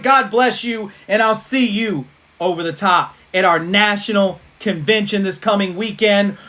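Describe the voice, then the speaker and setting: High-pitched energetic motivational speaker man. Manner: energetic, preacher-like repetition and rallying calls. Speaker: team leader giving a motivational livestream. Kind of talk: motivational pep talk.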